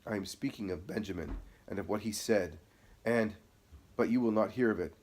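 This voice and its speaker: A man's voice: on the low side, normal speed, a little mellow, a little hiss or hum, lightly acted. A man reading the part of an earnest apostle pleading with his cousin to beware of a false friend. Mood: grave. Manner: impassioned, pleading.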